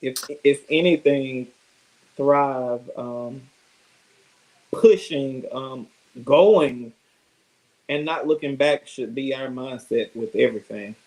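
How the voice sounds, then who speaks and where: Slow-talking Alabama man, earnest. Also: medium pitch, a little mellow, poor audio. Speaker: guest, businessman in funeral service. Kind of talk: interview answers.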